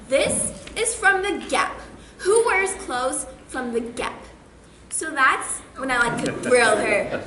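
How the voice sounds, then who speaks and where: Actress as a high-voiced, giddy stage-play girl, cheerfully unhinged, roomy echo. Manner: gushing, giggly, breezy about violence. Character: bubbly, unhinged young woman with an imaginary celebrity friend. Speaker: student actor in a stage play. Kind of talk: comic stage monologue. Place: school stage or hall. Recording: roomy stage recording with noise.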